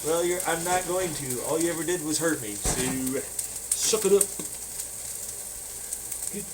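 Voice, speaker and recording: A casual, profane monologue from an audio blogger who keeps drifting into put-on voices. The pitch sits in a middling range. A clear sizzle of food frying runs underneath the whole time. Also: a little slow, background noise.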